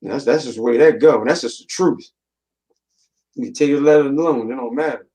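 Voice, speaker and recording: A man hosting a casual chat, talking in animated street slang with lots of repeats. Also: medium pitch, brisk, poor audio. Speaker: host. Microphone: desk mic.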